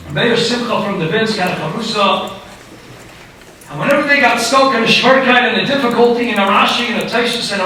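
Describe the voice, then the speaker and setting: A man's voice: extremely high pitch, bright, forceful tone. A man, a rabbi, giving a storytelling Torah lecture full of Hebrew and Yiddish terms. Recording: echoey hall, speaker far from mic, faint noise.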